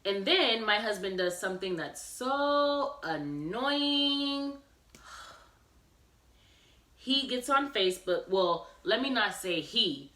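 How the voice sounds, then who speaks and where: A woman's voice: mid-range voice, expressive, slow, pushed and bright. A woman telling a personal story in a casual vlog, chatty and acting out the dialogue as she goes. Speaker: vlogger. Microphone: phone camera. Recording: echoey room, mic at a distance.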